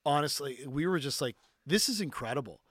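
Animated casual male storyteller. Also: on the high side, a little fast, no echo, clean studio sound. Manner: animated storyteller, heavy filler "like", swears freely. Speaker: podcast guest.

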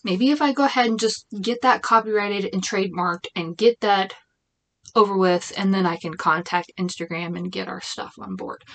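A woman in her thirties talks in a loose, rambling way, restarting sentences and piling on "like"s. Her voice sits at an everyday middle pitch, and she sounds exasperated as she vents about her small business. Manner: rambling, chatty, frequent restarts and "like"; exasperated venting. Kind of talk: casual chat.

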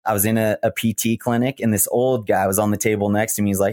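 A man's voice: on the low side, little pitch movement, fast, few pauses, darkish tone, no echo, clean studio sound. A man in his thirties, a retired runner telling earnest, reflective stories in a podcast interview. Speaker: guest, retired marathon runner.

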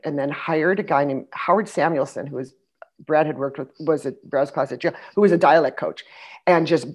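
A middle-aged woman in casual conversation, an animated storyteller who laughs and restarts her sentences. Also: low-pitched, a little fast, husky. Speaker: guest.

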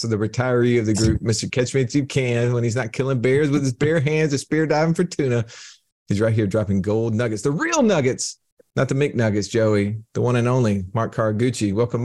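A man's voice: mid-range voice, fairly quick, darkish tone. A Texan man hosts a casual round-table chat with a playful, joking manner. He introduces guests with flashy nicknames and laughs easily. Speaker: podcast host. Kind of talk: casual panel discussion.

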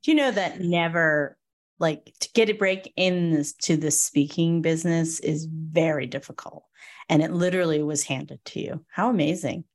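A woman's voice: deep voice, normal speed. A woman hosting a podcast interview, reacting to her guest with short encouraging remarks. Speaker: podcast host.

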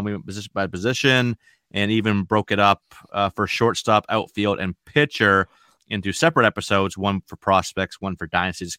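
A man with a New England accent hosting a fantasy baseball podcast in a chatty, relaxed way. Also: lowish voice, smooth, dry recording, clean studio sound. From Maine. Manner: chatty, relaxed, rambling with fillers. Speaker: podcast host. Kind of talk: casual podcast chat.

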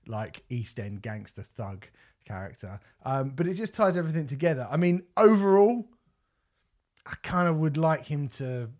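A man's voice: fairly high pitch, expressive, moderate pace, darkish tone. Rambling, sweary male podcast host. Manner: rambling, sweary, many restarts. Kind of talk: casual chat.

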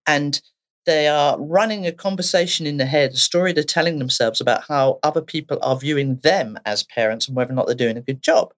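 A woman therapist with an Essex accent appears as a podcast guest, telling stories animatedly, acting out voices, and laughing often. Her voice is low-pitched and brisk.

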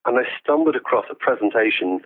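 A man's voice: medium pitch, expressive, fast. A man in his forties, a podcast guest dialing in from afar, who talks enthusiastically and laughs often. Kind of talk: remote interview. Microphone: phone call-in. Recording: tinny phone line.

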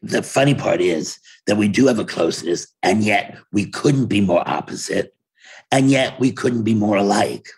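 An older man speaking casually in an interview over a video call from his home office, telling wry stories and laughing often, with a very husky voice. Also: lowish voice, expressive, normal speed, a little mellow, low-quality recording. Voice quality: very husky, gravelly voice. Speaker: interview guest, playwright.

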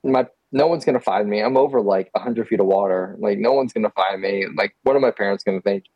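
A man's voice: fairly low pitch, fast, dry recording, muffled recording. A man from Texas, a guest photographer, telling a story in casual chat with lots of fillers and laughs. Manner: animated, laughing, many fillers.

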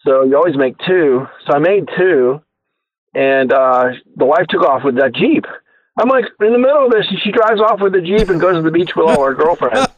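A man telling his inventor story as a radio guest, animated and acting out the people he quotes, heard over a tinny phone line. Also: fairly high pitch, brisk, no room sound. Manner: animated storyteller who acts out quoted voices. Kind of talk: casual storytelling interview.

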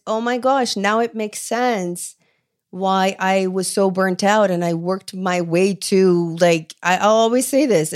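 A woman in her forties from Canada, an ADHD coach telling her own story in an interview, acting out remembered dialogue. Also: medium pitch. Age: 40s. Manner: expressive, acts out quoted dialogue.

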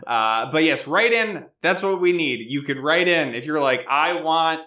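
A man's voice: a little high, animated, moderate pace, sharp tone. A man co-hosting a podcast in casual chat, joking and self-mocking as he rambles along. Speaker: podcast co-host.

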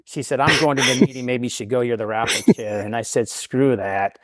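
A man's voice: mid-range voice, fairly even intonation, a little fast, a bit bright, no echo, clean studio sound. A middle-aged man, a podcast guest, telling his recovery story casually, often tagging "right?" and laughing at himself.

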